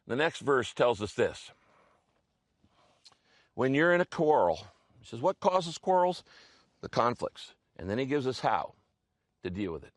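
A man's voice: medium pitch, lively intonation, measured pace, long pauses, dry recording. A male pastor teaching a sermon in an easy, conversational way. His voice sits in a middle register and is recorded close and dry, with little room sound. He repeats words as he goes and checks in with the congregation.

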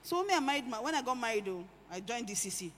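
A woman preaching a sermon, animated, swinging between hushed lines and loud emphatic ones. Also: fairly high pitch, fast, slight background noise. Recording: echoey hall with faint ambience.

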